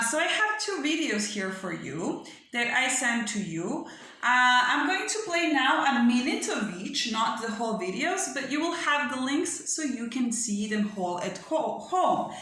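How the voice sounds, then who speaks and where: A woman teacher with a bright, rather high voice leads a phonics lesson for small children. She talks slowly and patiently, sounds words out letter by letter and keeps checking in with the class. The recording is very echoey, as if made in a bare room. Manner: checks in with frequent "okay?" and "yeah?". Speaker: primary school English teacher.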